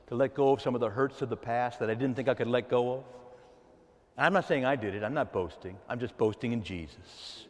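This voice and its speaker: A man preaching a sermon to his church, animated, swinging from soft asides to loud outbursts. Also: medium pitch, long reverb tail. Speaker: pastor.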